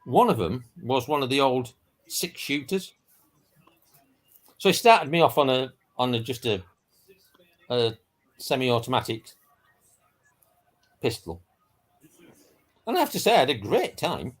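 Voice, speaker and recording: A man's voice: medium pitch, sing-song, measured pace, long pauses. A man trading jokes and telling a long anecdote in casual banter with friends.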